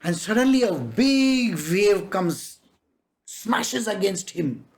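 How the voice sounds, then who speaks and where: Telling a parable in a devotional discourse, the spiritual master speaks slowly in a creaky, mid-range voice that swings widely in pitch. Frequent chuckles punctuate the story.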